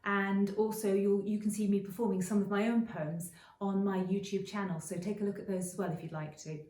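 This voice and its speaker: Chatty woman teaching, mellow echoey sound. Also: mid-range voice, level tone, fairly quick, recorded from a distance. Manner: chatty, with frequent ums and restarts. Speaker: creative writing teacher. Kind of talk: friendly explanatory video lesson. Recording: roomy echo, voice a bit off-mic.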